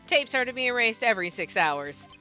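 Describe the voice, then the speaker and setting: A woman's voice: fairly high pitch, very animated, brisk, pushed and bright, soft background music. Woman reading a stiff, formal prosecutor. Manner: clipped and formal.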